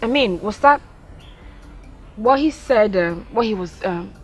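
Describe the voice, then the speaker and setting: A woman's voice: mid-range voice, expressive, measured pace, over music, close to an everyday voice. An actress with a Nigerian accent playing a teasing, playful mother figure. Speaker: actor.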